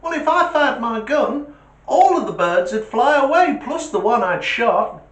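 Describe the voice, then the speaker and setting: Man voicing a little British boy, high boyish voice, sly, cocky, bouncy pitch, roomy echo. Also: sing-song, unhurried, fairly bright tone, heavily acted. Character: cheeky clever little boy, sly know-it-all.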